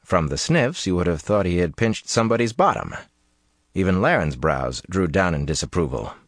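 A man with a very deep voice narrates a fantasy novel, his intonation swinging widely. His reading is measured and expressive. The recording is dry and close. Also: no echo. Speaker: audiobook narrator. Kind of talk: scripted narration.

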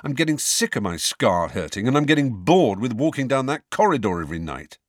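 A man reading an audiobook, voicing a frustrated teenage schoolboy who speaks flatly and with irritation. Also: mid-range voice, brisk, no room sound, studio quality. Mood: irritated. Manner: flat and irritated.

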